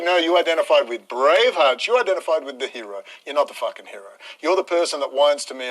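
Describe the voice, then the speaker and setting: A man delivers a combative live-stream rant, blunt and full of swearing. His voice sits a little high for a man, bright and forceful. He talks straight at the audience, hammering his points home. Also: lively intonation, quick pace, few pauses, poor audio. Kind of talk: ranting monologue on a live stream.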